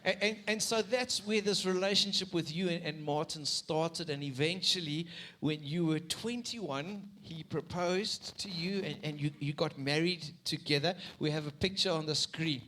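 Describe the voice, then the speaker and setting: A man leads an interview on a church stage. His voice is fairly high for a man. He retells his guest's story back to her and prompts her on, often restarting his sentences. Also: moderate pace, a bit bright, slight background noise. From South Africa. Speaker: pastor interviewing a church member. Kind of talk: sermon interview.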